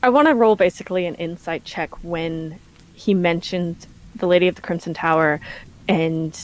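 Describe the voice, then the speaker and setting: A woman playing a tabletop game who calmly describes what her character does and asks the game master questions. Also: lowish voice, normal speed, poor audio. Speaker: player. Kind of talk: in-character play and table talk.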